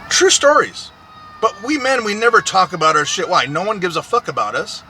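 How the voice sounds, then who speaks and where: Man ranting in a bright, lively voice. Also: sits high, a little fast, a little hiss or hum. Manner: profane, repetitive and aggrieved. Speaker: truck driver. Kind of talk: ranting monologue.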